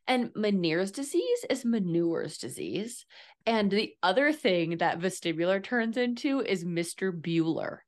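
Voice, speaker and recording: A woman's voice: mid-range voice, animated, a little slow, hardly any pauses. A woman co-hosting a casual health podcast, chatty and playful about tricky words. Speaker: podcast co-host. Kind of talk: casual chat.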